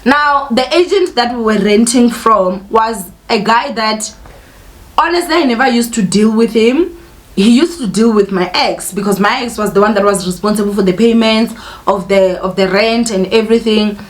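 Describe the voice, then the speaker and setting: A woman's voice: a little high, moderate pace. A young woman vlogger telling a personal story in an emotional, candid way, often turning to speak straight to her viewers. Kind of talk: casual storytime monologue.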